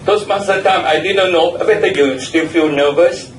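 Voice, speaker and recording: A man evaluates the speakers at a club meeting, repeating words and spelling some out. His voice sits a little high for a man. He is picked up from across an echoey room, with faint noise behind. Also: moderate pace. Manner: repeats and spells out words, gives warm feedback. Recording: echoey room, mic far off.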